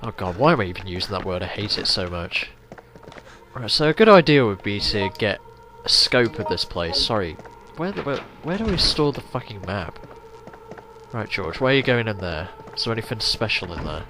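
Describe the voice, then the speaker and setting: A man's voice: fairly low pitch, moderate pace, noisy background. A man giving casual, rambling commentary while playing a video game, swearing often. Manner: chatty, rambling, lively swearing. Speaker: let's play host. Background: game music.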